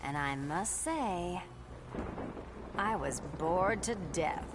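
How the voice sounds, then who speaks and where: A woman's voice: fairly low pitch, expressive, extremely slow, noisy background. Catwoman cool and sly. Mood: wry. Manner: cool, self-assured, drawling. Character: Catwoman, sly independent female cat burglar. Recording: game cutscene with music behind.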